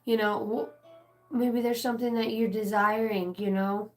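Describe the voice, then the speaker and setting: A woman's voice: on the high side, steady tone, normal speed, faint music behind. Chatty woman doing a spiritual reading. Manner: rambling, profane, chatty. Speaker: spiritual channeler. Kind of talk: casual channeled reading.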